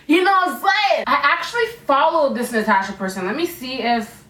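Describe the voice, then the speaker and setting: A young woman telling a storytime to her viewers in a casual, animated way, acting out the people in it. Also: brisk. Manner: animated, acts out voices with big pitch jumps. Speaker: beauty vlogger. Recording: echoey room, a bit far from mic.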